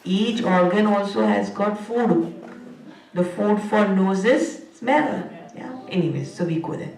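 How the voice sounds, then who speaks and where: A woman's voice: medium pitch, measured pace, darkish tone. A woman gives a spiritual talk, chatty and playful, laughing often and repeating words rhythmically. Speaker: spiritual teacher. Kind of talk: spiritual discourse with humor. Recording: echoey hall, mic at a distance.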